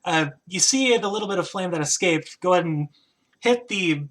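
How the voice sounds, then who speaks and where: A game master narrating a tabletop game, pausing often with "uh" and "kind of". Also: mid-range voice, animated, a bit bright. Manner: hesitant narration with many "uh" and "kind of".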